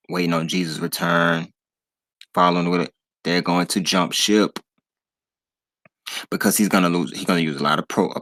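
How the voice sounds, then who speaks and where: A man's voice: low-pitched, fairly bright tone, dry recording. A man, talking casually to his viewers in a preachy way, repeating himself and calling them y'all. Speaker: channel host.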